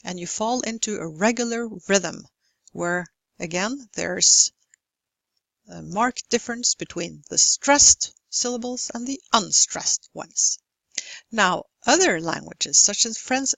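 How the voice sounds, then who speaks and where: A woman giving a university lecture on English pronunciation, slow and deliberate as she demonstrates stress and rhythm. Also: mid-range voice, animated, vocal fry, fairly bright tone, dry recording, low-quality recording.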